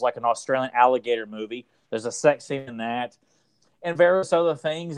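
A man's voice: fairly high pitch, dry recording. A man in his thirties on a podcast, rambling through childhood stories with lots of restarts. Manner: rambling, animated storyteller with restarts. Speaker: podcast co-host. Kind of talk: casual chat, storytelling.

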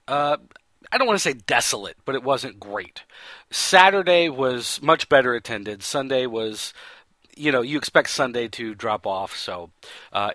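A man's voice: mid-range voice, bright, forceful tone, no echo. A man hosting a pop-culture show, giving a casual, rambling recap full of fillers and self-corrections. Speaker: podcast host.

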